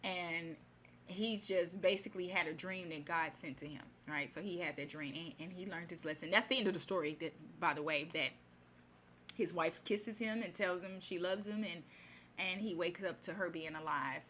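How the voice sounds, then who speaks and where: A woman retelling a fairy tale in her own casual words, chatty and animated, with many fillers and asides. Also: lowish voice, normal speed, slight background noise. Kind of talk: casual spoken retelling of a story.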